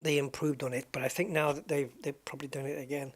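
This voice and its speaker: A man's voice: medium pitch, level tone, fast talker. A man giving casual, rambling commentary while playing a flight game, thinking aloud and chuckling at jokes. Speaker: gaming channel host.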